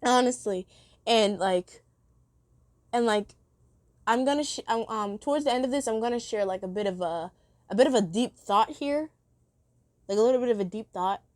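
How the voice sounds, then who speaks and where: A woman talks through a review in a loose, rambling way, full of fillers, restarts and laughter. Her voice sits a little high, and it is recorded dry and close with no room sound. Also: normal speed, long pauses, a little mellow, no echo. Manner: enthusiastic, laughs often. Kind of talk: casual spoken review.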